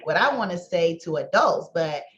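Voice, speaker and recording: A woman's voice: fairly low pitch, lively intonation, moderate pace, fairly bright tone, dull audio. A woman hosting an interview, chatting playfully and laughing often. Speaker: show host. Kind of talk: casual interview chat.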